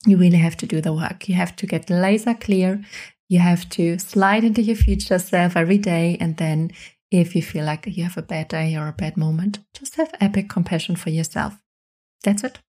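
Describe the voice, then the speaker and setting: A woman's voice: lowish voice, steady tone, normal speed, a little mellow. A woman hosting a podcast, giving motivational self-help advice in an encouraging, repetitive way, speaking straight to the listener into a microphone. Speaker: podcast host. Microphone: studio microphone.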